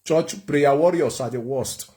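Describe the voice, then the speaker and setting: A man's voice: on the high side, a little slow, warm tone. A Nigerian man preaching a humorous sermon, joking and laughing often. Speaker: prophet and preacher.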